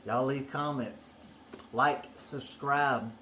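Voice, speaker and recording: A man's voice: mid-range voice, fairly even intonation, slow pace, pushed and bright, slight background noise. A man, the host's husband, chatting casually with dry, sheepish jokes. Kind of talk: casual chat.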